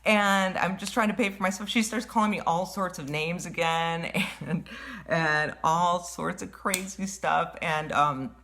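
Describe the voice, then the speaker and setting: Woman, slightly low voice, casual vlogger retelling a confrontation with lots of filler words and restarts. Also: unhurried. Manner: rambling, animated retelling with many fillers and restarts; says she has a wicked tongue. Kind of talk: casual storytelling.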